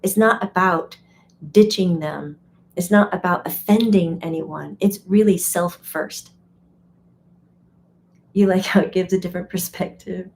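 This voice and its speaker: A woman hosting a casual live stream, chatty and animated, breaking into quoted voices and laughing often. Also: on the low side, measured pace, long pauses, slight background noise. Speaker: medium and teacher. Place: home or studio, live stream.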